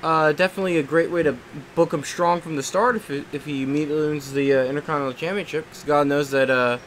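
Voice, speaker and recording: A man's voice: a little high, fairly even intonation, fast, slight background noise. A young man chatting casually while he live streams a game, rambling and swearing at the game now and then. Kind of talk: casual chat while gaming.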